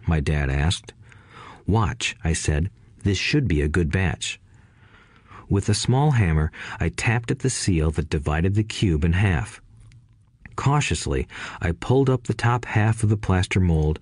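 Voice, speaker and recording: A man narrating an audiobook in a steady, scripted read-aloud manner, lifting his voice a little for quoted lines. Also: low voice, dry recording, clean studio sound.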